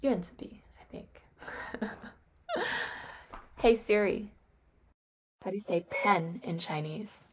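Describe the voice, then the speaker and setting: A woman slowly practicing vocabulary on her webcam, sounding words out carefully and often dropping to a whisper. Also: medium pitch, slightly rough. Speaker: language learner. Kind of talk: casual self-study on webcam.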